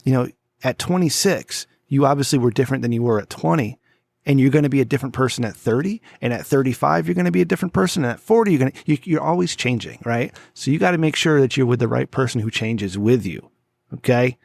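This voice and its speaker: A man's voice: medium pitch, fast talker, creaky, darkish tone, dry recording. A man in his forties hosting a casual podcast chat, telling stories in a laid-back way and swearing freely. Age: 40s. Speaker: podcast host.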